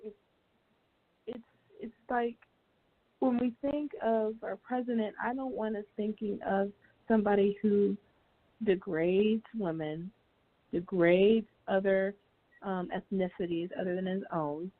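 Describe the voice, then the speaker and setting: A woman's voice: mid-range voice, steady tone, a little slow, long pauses. Earnest young woman on a phone line. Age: young adult. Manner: earnest, hesitant, frequent restarts. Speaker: guest. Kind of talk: casual call-in chat.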